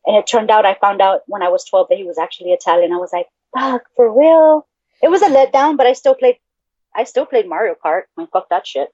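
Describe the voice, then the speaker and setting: A woman's voice: medium pitch, quick pace, darkish tone, no echo, dull audio. A woman co-hosting a podcast in casual chat, laughing often and swearing freely. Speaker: podcast co-host.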